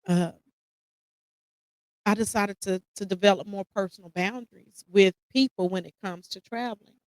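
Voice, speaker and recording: A woman's voice: fairly low pitch, no echo, rough recording. Emotional woman sharing a personal story. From United States. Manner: emotional, holding back tears; casual, addresses listeners as y'all. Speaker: podcast host. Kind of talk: personal reflective monologue.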